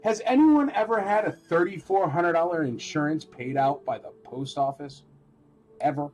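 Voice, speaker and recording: A man hosting a live-stream toy auction, chatting in a rambling, animated way and calling out bids. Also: a little high, moderate pace, low-quality recording.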